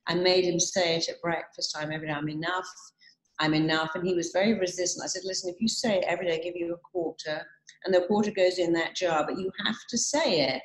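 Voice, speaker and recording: A woman's voice: lowish voice, steady tone, quick pace, reverberant, a little hiss or hum, low-quality recording. A woman giving a motivational talk, telling client stories and repeating affirmations. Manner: warm storytelling, quoting clients, repeating affirmations.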